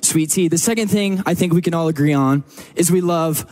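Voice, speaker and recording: A man's voice: a little high, brisk, a little mellow. A man from Texas, preaching a sermon to a church in a casual, joking storytelling manner. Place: church service.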